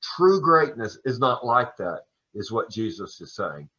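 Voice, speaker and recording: A man teaching an adult Sunday school class, lecturing on scripture in a relaxed, chatty way with folksy asides. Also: mid-range voice, measured pace. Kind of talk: conversational Bible lecture. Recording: dull lo-fi recording.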